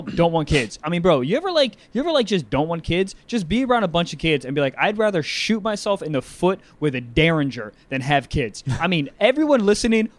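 Crude rambling young man, a bit high. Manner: crude, rambling, swears freely, animated. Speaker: podcast co-host. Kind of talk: casual comedic chat.

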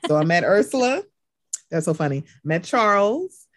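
A woman from Maryland hosting a podcast, telling stories in casual chat and acting out quotes with big jumps in pitch. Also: sing-song, normal speed, no echo, studio quality. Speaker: podcast host.

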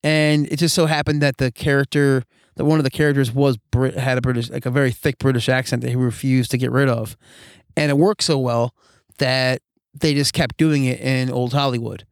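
A man with a gravelly, fry-heavy voice chatting casually about movies on a podcast. He rambles, restarts his sentences and laughs often. The sound is dry and close. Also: medium pitch, steady tone, brisk, no echo. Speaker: podcast co-host. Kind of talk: casual chat.

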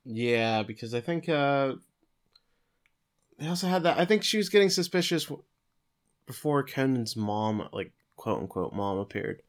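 A man co-hosting a podcast, giving a steady plot summary of an anime episode with occasional fillers. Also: medium pitch, unhurried. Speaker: podcast co-host recapping an anime. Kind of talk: casual episode recap.

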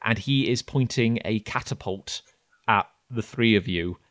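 A man narrating as game master of a tabletop role-playing game, often pausing with fillers and restarting his sentences. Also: lowish voice, fairly bright tone. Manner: hesitant, many fillers and restarts.

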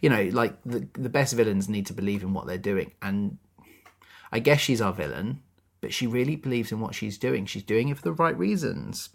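A man's voice: lowish voice, expressive, normal speed, vocal fry. A man co-hosting a podcast, chatting casually as he recaps a musical, with lots of "you know" and "like". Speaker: podcast co-host.

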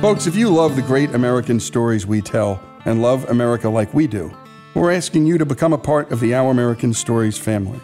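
A man's voice: medium pitch, animated, quick pace, a little mellow, faint music behind. A man hosting a radio show, presenting in an earnest, scripted way.

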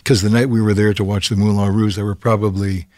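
An older man from Canada, a guest telling stories in casual conversation, a lively raconteur who keeps checking in with "okay?". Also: lowish voice, fast, no room sound, clean studio sound. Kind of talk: casual anecdotal storytelling.

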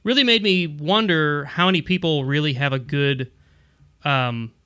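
Here the same sort of casual tech podcast co-host, a middle-aged man, sits on the high side at a moderate pace. His tone is bright, forceful and clean as he rambles, keeps restarting his sentences and chuckles a lot.

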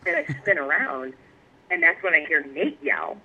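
A woman guest telling stories in a casual interview, animated and laughing often. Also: low voice, normal speed, slightly rough. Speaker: guest, pipe maker. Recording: tinny phone line.

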